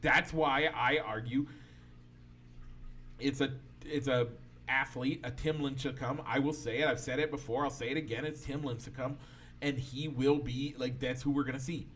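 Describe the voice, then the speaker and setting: A man's voice: mid-range voice, steady tone, normal speed, a bit bright, slight background noise. A man co-hosting a casual podcast, arguing his opinions at length in a loose, rambling way with many restarts. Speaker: podcast co-host. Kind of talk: casual sports and pop-culture chat.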